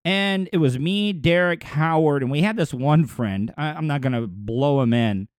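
A man's voice: fairly high pitch, moderate pace, no room sound, clean studio sound. A man, chatting casually as a podcast host, rambling, repeating words and laughing easily. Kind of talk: casual chat.

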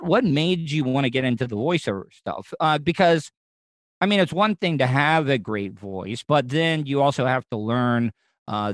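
A man's voice: medium pitch, dry recording. A man hosting a radio interview, chatting casually in a rambling, jokey way full of stammered restarts.

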